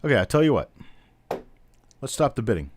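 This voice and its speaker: A man's voice: medium pitch, sing-song, brisk, dry recording. A man hosting a live-stream coin auction, chatty, calling out bidders and prices one after another. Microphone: webcam on a stand.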